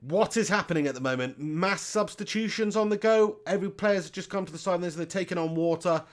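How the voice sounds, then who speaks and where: Man, live football watch-along host, casual chat, reads viewer comments, says mate, higher-pitched. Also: fast talker.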